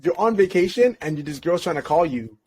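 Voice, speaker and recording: A man's voice: on the high side, expressive, brisk, darkish tone, slight background noise. A young man, a podcast guest, telling a personal story in casual slangy talk. He laughs often and restarts his sentences. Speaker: podcast guest, relationship coach.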